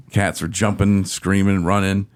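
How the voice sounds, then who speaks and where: A low-voiced man hosts a casual podcast chat. He tells his story with animated exasperation and acts out his own quotes as he goes. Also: slow. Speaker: podcast host.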